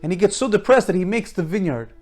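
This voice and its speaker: Man, high-pitched voice, informal Torah lecture, emphatic, rhetorical questions, restarts. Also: very animated, fast, a little mellow, faint music behind. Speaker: Torah teacher.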